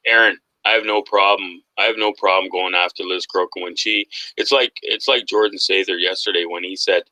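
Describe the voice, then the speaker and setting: Man, podcast host, low bright voice, mocking, animated, laughs often. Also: a little fast, dry recording, low-quality recording. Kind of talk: casual conspiracy talk chat.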